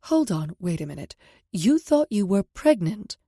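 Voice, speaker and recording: A woman voicing a loving middle-aged mother who speaks softly and reassuringly. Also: medium pitch, sing-song, unhurried, slightly rough, no room sound, studio quality. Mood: gentle, caring. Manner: soft, reassuring.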